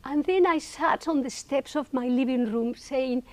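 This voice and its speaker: Animated storytelling woman from Argentina. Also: high voice, a little slow. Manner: animated, acts out quoted voices, laughs often. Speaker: interview guest, meditation teacher. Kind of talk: storytelling interview.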